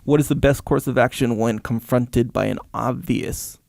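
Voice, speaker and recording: A man's voice: medium pitch, steady tone, moderate pace, vocal fry, darkish tone, no room sound, clean studio sound. A man co-hosting a podcast, reading out a listener question and chiming in with short agreements. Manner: reads questions, brief agreeing interjections. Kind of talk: casual podcast talk.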